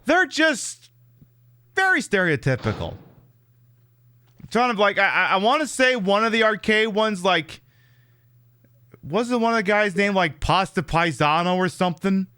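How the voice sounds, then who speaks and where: A man's voice: sits high, animated, normal speed, pauses often, bright, forceful tone, clean tone, no echo, studio quality. A man casually chatting through a livestream of a horror game, rambling and reacting to chat with lots of fillers and repeated words. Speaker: streamer playing a horror game.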